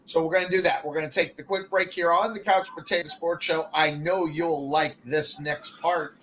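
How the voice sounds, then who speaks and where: A man's voice: a little high, steady tone, moderate pace, bright, forceful tone, a little hiss or hum, poor audio. A man hosting a sports radio show, chatting casually and rambling with stammered restarts.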